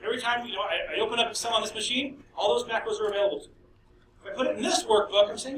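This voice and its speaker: Chatty professor in an echoey classroom. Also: male voice, high-pitched, expressive, rapid-fire. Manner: chatty, storytelling asides. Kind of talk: classroom lecture. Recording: echoey classroom, distant mic, faint noise.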